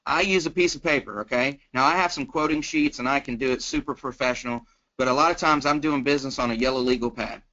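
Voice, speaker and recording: Forceful man coaching over the phone. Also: medium pitch, quick pace. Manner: energetic, keeps checking in with "okay?". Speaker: insurance sales trainer. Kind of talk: sales coaching on a conference call. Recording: muffled conference-call phone line.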